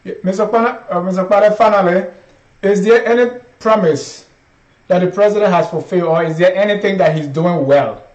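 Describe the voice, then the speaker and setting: A man's voice: sits high, brisk, darkish tone. Distant echoey male host asking questions. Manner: probing, presses the same question. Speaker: interview host. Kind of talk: interview questions. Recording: distant, echoey, dull lo-fi sound.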